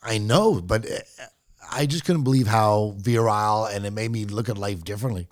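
A man's voice: lowish voice, moderate pace, dry recording, clean studio sound. A man co-hosting a podcast, talking casually and emphatically. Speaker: podcast co-host. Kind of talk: casual chat.

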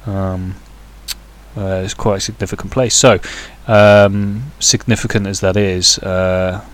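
Casual male podcaster, somewhat low voice, meandering delivery full of ums and crude humour. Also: steady tone, slow. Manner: rambling, hesitant with many fillers, crude jokey asides. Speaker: podcast host. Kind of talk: casual solo podcast chat.

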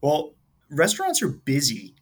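A man guesting on a podcast, answering in a measured way with many ums. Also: on the high side, wildly swooping pitch, slightly rough. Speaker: podcast guest, industry sales executive. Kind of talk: casual interview answers.

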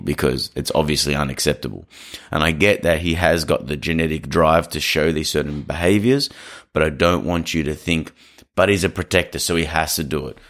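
A man hosting a dog-training podcast, giving direct, assertive advice in a casual way and acting out what people say. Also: a bass voice.

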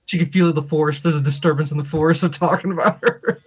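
A man co-hosting a podcast, telling animated stories in casual chat and laughing often. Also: on the high side, husky. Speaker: podcast co-host.

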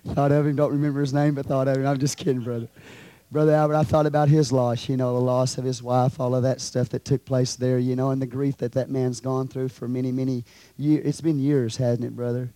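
A man preaching a sermon as pastor, swinging from quiet storytelling to shouted calls to the congregation. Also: medium pitch, little pitch movement, a little fast, no echo. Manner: preaching with rising shouts and call-and-response asides.

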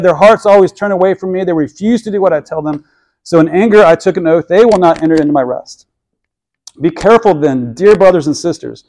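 A man's voice: high voice, darkish tone. A man preaching a sermon, earnest, often repeating words as he builds a point. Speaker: pastor.

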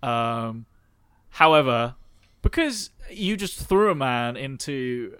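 A man's voice: mid-range voice, big pitch swings, slow, a bit bright, smooth, dry recording, studio quality. A man narrating a tabletop game as game master, playful and giggly.

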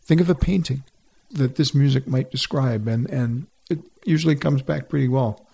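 An older man, a retired orchestra musician, telling stories in a relaxed interview with many restarts. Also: medium pitch, normal speed, creaky, breathy edge. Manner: reflective storytelling with frequent restarts. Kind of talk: conversational interview.

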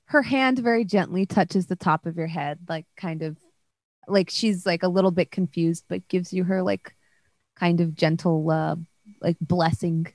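A woman's voice: fairly low pitch, a little slow, a little mellow, no room sound. A woman narrating a tabletop game as game master, describing scenes loosely with many fillers.

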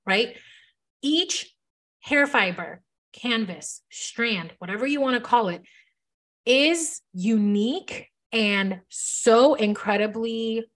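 Woman, hair educator, casual chatty lecture delivery, slightly higher pitch, emphatic and repetitive. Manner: chatty, emphatic, repeats key points with "right?" and "like". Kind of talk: casual teaching monologue.

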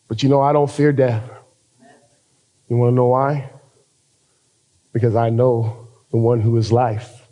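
A man with an American accent preaching a sermon as pastor, climbing to loud emphatic peaks and drawing key phrases out slowly. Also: mid-range voice, low-quality recording.

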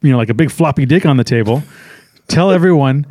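A man's voice: mid-range voice, lively intonation, a little mellow, a little hiss or hum. A man co-hosting a movie review podcast, talking casually and rambling with lots of fillers. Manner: rambling, quick interjections, frequent fillers. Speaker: podcast co-host.

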